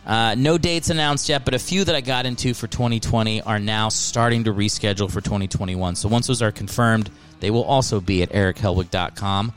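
A man's voice: on the low side, brisk, few pauses, soft background music. Self-mocking man hosting a comedy podcast. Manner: joking, self-mocking, rambling with restarts. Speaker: podcast host. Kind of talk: solo comedy podcast monologue.

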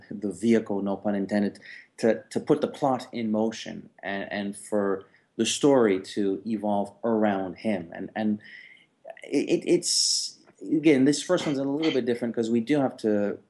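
A man's voice: fairly low pitch, a little slow, a little mellow. A man co-hosting a podcast, talking through his view on a film character thoughtfully, with frequent hesitations. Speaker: podcast co-host. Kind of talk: casual film discussion.

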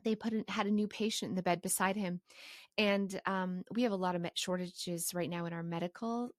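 A woman from Canada who runs a course for professional organizers, talking through her life rules in a passionate, animated way with quick asides. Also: on the low side, dry recording, studio quality. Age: adult with a young son. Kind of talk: casual advice monologue.

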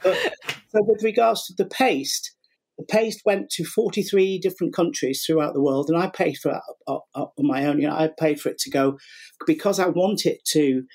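A middle-aged man who works as a sugar flower artist, telling stories as an interview guest. He talks in a lively way, acting out what people said, and restarts his sentences often. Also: a little high, normal speed. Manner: animated, acts out quotes, many restarts. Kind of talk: casual interview storytelling.

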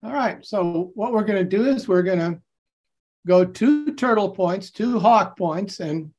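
Slow, deliberate male teaching coach. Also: high-pitched, expressive, a little mellow. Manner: deliberate, acts out classroom calls with bursts of energy. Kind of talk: enthusiastic classroom-technique demonstration. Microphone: video call.

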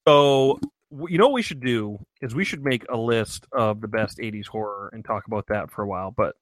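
A man's voice: fairly low pitch, fairly quick, dry recording. A man in his thirties, co-hosting a casual chat and enthusing while listing things off. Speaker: podcast co-host.

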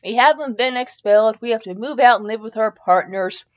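A woman's voice: fairly high pitch, a little fast, dull audio, lightly acted. A woman voicing a weary teenage wizard boy who speaks plainly and matter-of-factly.

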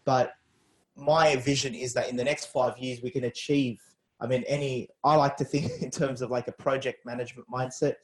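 A man's voice: mid-range voice, steady tone, normal speed. A young man hosting a podcast interview, earnest and practical in how he frames his questions. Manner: earnest, practical, asks guest for tips. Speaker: podcast host. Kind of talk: casual interview.

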